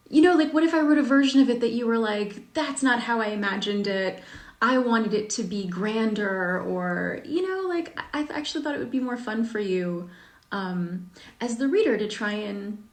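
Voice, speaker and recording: A woman's voice: medium pitch, darkish tone. A woman talking casually on a live stream, answering reader questions with lots of fillers and a self-deprecating tone. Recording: echoey room.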